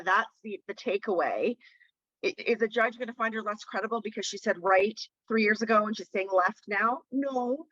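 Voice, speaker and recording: This woman defence lawyer is leading a webinar, speaking conversationally and directly while stressing key words. Her medium-pitched, slightly bright voice moves at a moderate pace with no room sound, carried over dull, lo-fi phone audio.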